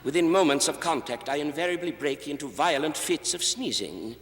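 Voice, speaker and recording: A man's voice: on the high side, animated, very noisy. Jittery, overly polite man on a reverberant stage. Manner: overly polite and deferential, calls the listener sir; nervous stammering and halting restarts. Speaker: comedian. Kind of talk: comic monologue, one side of a conversation. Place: television studio stage. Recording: long hall reverb on a 1960s TV stage.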